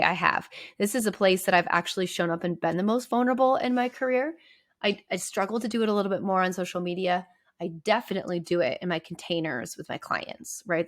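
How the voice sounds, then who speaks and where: A woman therapist talking candidly and conversationally on her podcast, with lots of "like" and "right?". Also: medium pitch. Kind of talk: casual podcast monologue.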